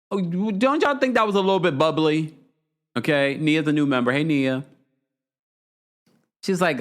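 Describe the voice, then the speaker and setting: A man hosting a casual reality TV recap, talking playfully and jumping his pitch up to mimic the people he quotes. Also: normal speed, fairly bright tone. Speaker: podcast host recapping reality TV. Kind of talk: casual chat.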